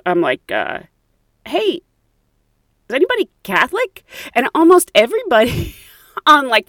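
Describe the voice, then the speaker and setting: Lively woman telling flight stories. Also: a little high, no room sound, studio quality. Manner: animated, laughing, acts out dialogue. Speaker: host, former flight attendant. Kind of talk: casual storytelling chat.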